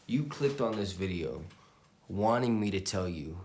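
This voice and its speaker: A man's voice: low-pitched, animated, unhurried, darkish tone, a little hiss or hum. A man giving a profane, intense motivational rant, repeating himself and swearing constantly. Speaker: motivational vlogger. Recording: roomy echo.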